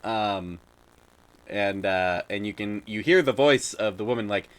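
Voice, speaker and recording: A young man narrating as dungeon master in a loose, halting way, with many fillers and sounds he makes with his mouth. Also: on the low side, very noisy. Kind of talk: narrating a tabletop game.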